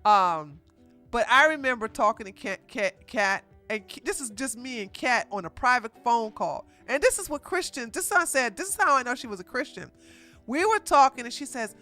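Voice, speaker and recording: A woman giving casual reaction commentary as a streamer, animated and laughing often as she reads posts aloud. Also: a little high, a little fast, faint music behind.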